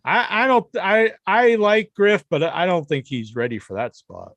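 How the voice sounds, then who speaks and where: A man hosting a casual podcast chat. His voice sits a bit high and swings widely as he talks, often restarting his sentences. He is recorded dry and close. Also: sing-song, moderate pace, fairly bright tone, no room sound, lo-fi sound. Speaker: podcast host.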